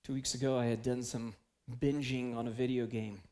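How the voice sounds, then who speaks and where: In a church sanctuary, a pastor delivers a conversational, confessional sermon, telling stories and acting out his own inner voice. His mid-range voice is warm and level, and he speaks briskly.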